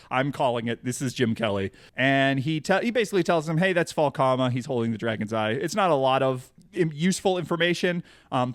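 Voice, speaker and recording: A man co-hosts a casual podcast, recapping a cartoon episode in a loose, rambling way, full of fillers and restarts. His voice sits a little high for a man. The sound is dry and close, with no room in it. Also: a bit bright, no echo. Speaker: podcast co-host.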